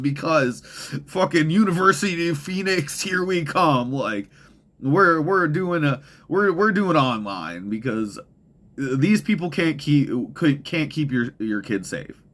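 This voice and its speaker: A man's voice: mid-range voice, sharp tone. A young man hosting a podcast, ranting in heated, profane, rambling commentary full of restarts. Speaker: podcast host.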